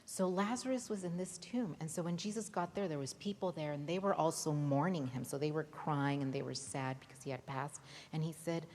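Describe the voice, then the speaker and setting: A woman telling a Bible story to children at a church holiday Bible school, lively and often asking the kids questions. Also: deep voice, moderate pace. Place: church hall. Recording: reverberant hall, faint noise.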